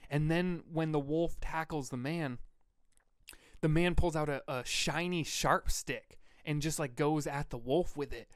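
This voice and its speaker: A man from Vermont co-hosting a podcast, telling stories in a rambling, relaxed way with lots of fillers. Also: fairly high pitch, a little slow, no room sound, clean studio sound. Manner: rambling, laid-back storyteller with fillers. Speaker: podcast co-host. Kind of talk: casual storytelling chat.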